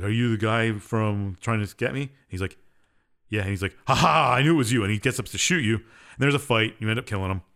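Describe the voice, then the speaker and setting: Co-hosting a podcast, a man offhandedly summarizes the story of a game in a casual, dismissive chat. His voice is lowish, a bit bright and clean in tone.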